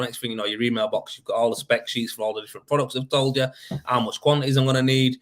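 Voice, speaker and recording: A man's voice: mid-range voice, steady tone, fast. A man hosting a casual live show, talking loosely and swearing. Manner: swearing, mate-heavy and chatty. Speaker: podcast host. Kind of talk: casual live-stream chat.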